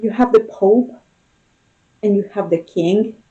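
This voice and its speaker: A woman with a warm, mellow voice gives a casual tarot reading. She talks loosely and keeps checking in with her listener. The audio is slightly dull and lo-fi. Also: medium pitch, slow. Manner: conversational, often checks in with "okay?" and "you know?". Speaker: tarot reader.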